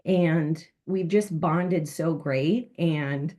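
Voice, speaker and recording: A woman with a notably low voice gives a heartfelt testimonial over a video call. She speaks earnestly and fills her pauses with "um". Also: dark tone. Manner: earnest, with frequent fillers. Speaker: panel speaker, former insurance worker.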